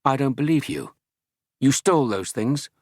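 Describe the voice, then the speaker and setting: A man's voice: mid-range voice, animated, moderate pace, no echo, studio quality, voice pushed up, close to an everyday voice. A man voicing a brave young woman who questions a threatening man tensely and defiantly.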